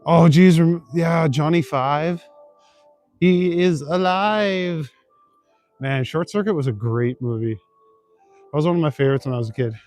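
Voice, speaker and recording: Strolling around the city at night, a young vlogger chats with his livestream viewers and works through their comments, laid-back and laughing softly, rambling with plenty of fillers. He has a medium-pitched, slightly mellow voice at normal speed, with faint music behind him.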